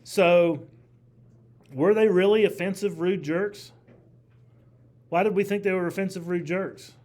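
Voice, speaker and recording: A man's voice: high voice, a little slow, a little mellow. A man teaching a history class, lecturing animatedly, asking the class questions and repeating key phrases.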